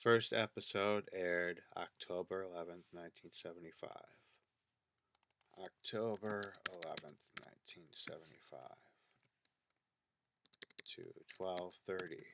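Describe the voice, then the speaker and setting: A man's voice: low voice, unhurried, pauses often, noisy background. A man giving casual commentary over video clips, thinking aloud and counting things out as he points them out. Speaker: video creator.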